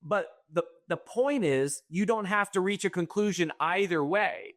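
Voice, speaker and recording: A man appearing as a guest author in a podcast interview, speaking in an emphatic, motivational way with quick bursts. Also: high-pitched, no echo, studio quality. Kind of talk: conversational interview.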